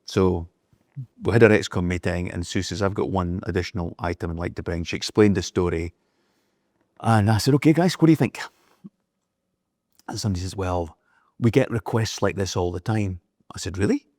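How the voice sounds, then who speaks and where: Speaking fairly quickly in a steady, low-pitched, darkish voice, a middle-aged man tells anecdotes as an interview guest. He's a business leader, chatting casually and acting out the dialogue in his stories. It's a clean studio recording without room sound.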